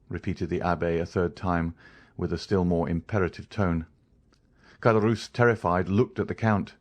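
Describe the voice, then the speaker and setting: A man narrating a classic novel in a measured, dramatic audiobook reading. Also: low-pitched, steady tone, darkish tone. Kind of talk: scripted narration.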